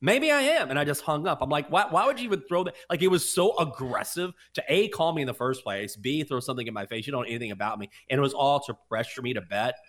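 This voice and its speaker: A man's voice: mid-range voice, fast, hardly any pauses. A man co-hosting a sports betting podcast, chatting casually and telling stories with mocking voices. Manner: animated storyteller, mocking voices.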